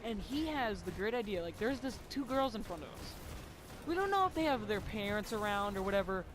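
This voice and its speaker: A man's voice: sits high, big pitch swings, a little fast. A young man telling a rambling, swear-filled story in casual chat, full of "like" fillers.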